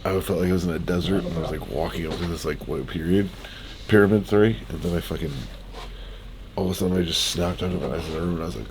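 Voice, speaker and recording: A man's voice: low voice, fast, noisy background. A young man groggy after surgery, telling a rambling story in a laid-back way, laughing often and swearing in a hospital room. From Canada. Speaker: fitness vlogger. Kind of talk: casual storytelling.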